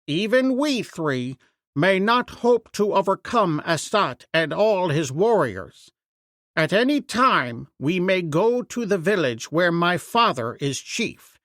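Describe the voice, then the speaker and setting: A male audiobook narrator voicing a proud young jungle warrior in a lively, declaiming way. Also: sits high, dry recording, clean studio sound, heavily acted. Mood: earnest.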